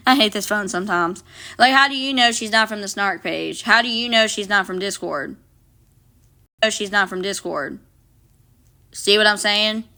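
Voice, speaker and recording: Bright, blunt woman on a phone livestream. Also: medium pitch, measured pace, pauses often. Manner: blunt, profane, reads viewer comments aloud and talks back. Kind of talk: casual livestream chat.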